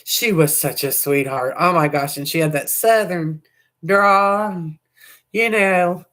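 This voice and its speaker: Hoarse, rambling woman livestream host. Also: deep voice, measured pace, fairly bright tone. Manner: rambling, chatty, trails off mid-thought. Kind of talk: casual livestream chat.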